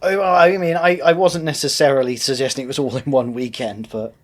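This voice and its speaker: A man's voice: mid-range voice, fairly even intonation, brisk. A man co-hosting a casual TV recap podcast, playful and teasing, laughing often. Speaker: podcast co-host.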